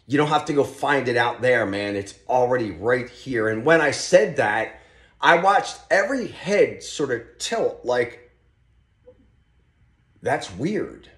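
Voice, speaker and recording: A man talking as a podcast guest, telling stories in an animated, motivational way with loose restarts. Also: medium pitch, measured pace. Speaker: podcast guest, real estate team leader. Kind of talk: podcast conversation, storytelling. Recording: roomy echo.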